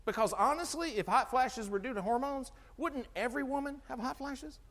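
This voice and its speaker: Lively high-voiced man lecturing in a hall. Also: normal speed. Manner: animated, asks the audience questions, acts out dialogue. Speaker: chiropractor giving a health talk. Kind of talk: sermon-like health talk to an audience. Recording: long hall reverb from a live talk.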